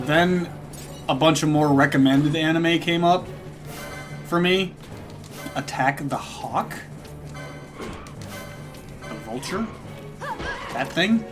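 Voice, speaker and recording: Young man chatting over game music. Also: a little high. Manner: laughs often, chatty, thinks aloud while playing. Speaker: streamer playing a game. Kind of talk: casual gaming stream chat.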